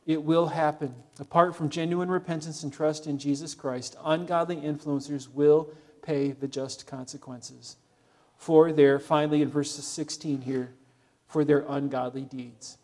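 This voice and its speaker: A male preacher with a fairly high voice delivers an earnest sermon. He urges his listeners on and drops quiet and soft on solemn points. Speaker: pastor.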